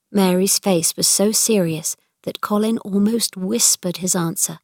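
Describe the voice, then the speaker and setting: A woman reads a storybook chapter aloud in a clear, measured way. She takes her time over each phrase, at an unhurried pace. The recording is dry and close, with no room sound. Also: medium pitch, no echo. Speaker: narrator. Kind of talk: slow storybook reading.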